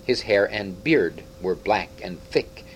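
A man narrating a storybook aloud with expressive, dramatic delivery. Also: lowish voice, takes it slowly, a little hiss or hum, low-quality recording. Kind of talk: audiobook storytelling.

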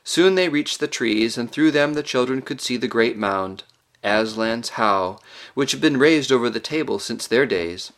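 Man narrating a storybook, measured. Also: mid-range voice. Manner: measured, expressive reading. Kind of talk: audiobook narration.

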